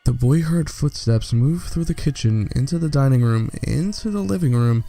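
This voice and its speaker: A man reads horror stories aloud as a theatrical host, pausing for slow dramatic effect. His voice is dark and gravelly at a mid pitch. Soft music plays quietly underneath. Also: lively intonation. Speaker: horror story narrator. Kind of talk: scripted narration.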